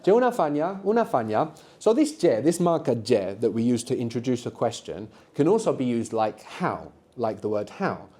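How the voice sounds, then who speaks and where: A man's voice: medium pitch, big pitch swings, normal speed, few pauses, mellow. A man teaching a live beginners' language workshop to students in a classroom, patient and encouraging, explaining step by step. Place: university classroom.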